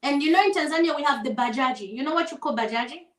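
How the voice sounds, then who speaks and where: A woman from Zambia, a guest singer telling stories in a relaxed conversation, animated and quick to laugh. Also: high voice, reverberant, poor audio. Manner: animated storyteller, laughs often, acts out voices. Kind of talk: casual storytelling conversation. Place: home setting over a shared meal.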